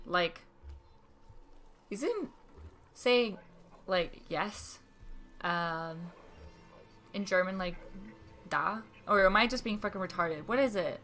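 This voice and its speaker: A woman streaming a game, chatting casually, swearing freely and breaking into sudden excited outbursts. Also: medium pitch, slow pace, pauses often, soft background music. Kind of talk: casual live-stream gameplay chat.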